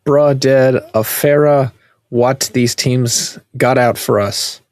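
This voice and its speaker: A man's voice: mid-range voice, steady tone, takes it slowly, a little mellow, dry recording, studio quality. A man co-hosting a podcast in casual chat, who chimes in with short laughing asides. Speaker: podcast co-host.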